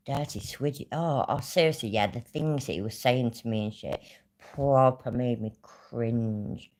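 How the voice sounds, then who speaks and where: A woman's voice: a bass voice, expressive, moderate pace, a little mellow. A woman hosting a livestream, ranting angrily with a lot of swearing about being scammed. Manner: angry, swearing, vexed. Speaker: livestream host. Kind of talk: casual livestream rant.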